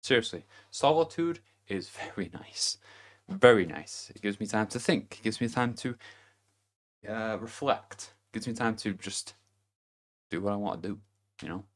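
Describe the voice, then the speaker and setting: A young man giving a blunt, profane self-help monologue, laughing to himself and swinging between loud emphasis and low murmurs. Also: lively intonation, moderate pace. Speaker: vlogger.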